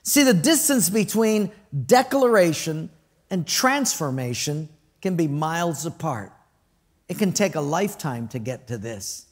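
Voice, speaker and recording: Guy pastor with a pretty high voice, chatty sermon, tells stories and asks the crowd stuff. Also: very animated, a little slow. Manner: storytelling, conversational, asks the crowd questions; acts out quoted voices with laughter.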